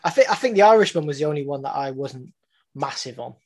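A man in casual film chat with friends, talking very fast with a husky edge. His voice sits a little higher than most men's. He is enthusiastic and often restarts or repeats phrases. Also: animated, a little mellow. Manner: quick, enthusiastic, repeats himself. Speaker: podcast co-host.

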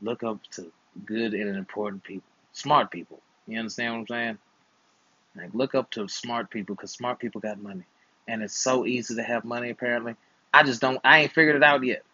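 A man's voice: mid-range voice, fairly even intonation, brisk, bright, forceful tone, slightly rough, dry recording, dull audio. A man in his twenties, an uncle hosting a channel, chatting casually and playfully with slangy, teasing advice. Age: 20s. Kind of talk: casual chat while gaming.

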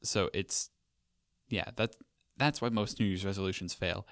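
A man's voice: deep voice, normal speed, fairly bright tone, no echo, studio quality. A young man hosting a podcast, talking casually in a rambling, wry way with lots of fillers. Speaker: podcast host. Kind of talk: casual conversational chat.

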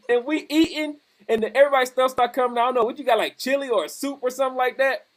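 Man, podcast host, high voice, animated, laughing storyteller, casual chat. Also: a little fast.

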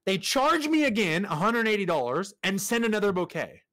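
High-pitched and talking a bit fast, a young man co-hosting a podcast relays a story casually. He swears a lot and performs the other people's lines with plenty of animation.

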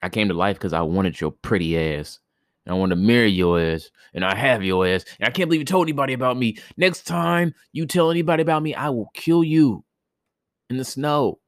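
A man's voice: mid-range voice, brisk, no echo, clean studio sound, natural voice. A man putting on the voice of a female snow spirit, delivering mocking, slangy threats in a comic retelling. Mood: mocking menace. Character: menacing female snow spirit, cold and flirty.

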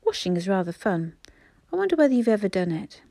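A woman's voice: medium pitch, sing-song, quick pace, mellow, no room sound. Woman reading a children's storybook. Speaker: audiobook narrator.

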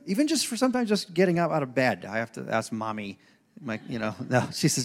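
A man's voice: mid-range voice, animated, fast talker. A male pastor giving a casual, joking sermon in church, acting out quoted voices. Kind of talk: conversational sermon. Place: church sanctuary. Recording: long hall reverb.

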